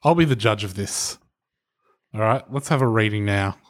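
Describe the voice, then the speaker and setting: A man's voice: fairly low pitch, normal speed. A man co-hosting a casual podcast, teasing his friends and reading online posts aloud in a dry way. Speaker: podcast co-host.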